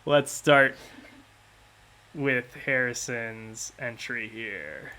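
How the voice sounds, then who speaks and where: Chatty male host, crisp bright voice, loose and upbeat. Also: mid-range voice, extremely slow. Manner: upbeat, chatty and slightly scattered. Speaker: podcast and stream host. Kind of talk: casual live-stream chat.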